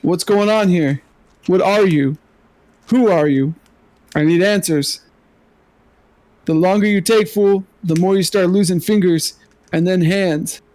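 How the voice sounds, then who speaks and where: A man's voice: high voice, unhurried, long pauses, a little mellow, no echo. A man voicing a brash, streetwise male adventurer who threatens and swaggers, calling people fool. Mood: menacing.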